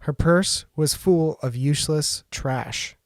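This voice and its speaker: A man's voice: fairly high pitch, takes it slowly, no room sound. A man hosting a microphone review vlog, talking offhand and chatty into a close podcast mic and reading test phrases aloud. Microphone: podcast microphone close to the mouth.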